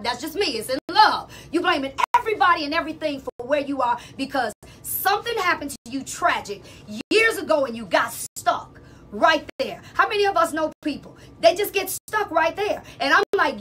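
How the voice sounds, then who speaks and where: A woman's voice: high-pitched, pushed and bright, slight background noise. A woman, speaking as a salon business coach in a casual, emphatic talk that repeats itself and calls listeners y'all.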